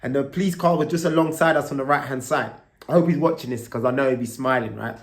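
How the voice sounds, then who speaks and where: A man's voice: mid-range voice, quick pace, echoey room. Swearing man telling a story. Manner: swears freely, keeps asking "right?". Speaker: vlogger. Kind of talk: casual storytelling monologue.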